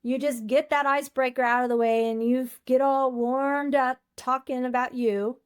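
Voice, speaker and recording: A woman's voice: high voice, fairly even intonation, moderate pace, smooth. A woman UX researcher talking as a podcast guest, candid and blunt in casual interview chat.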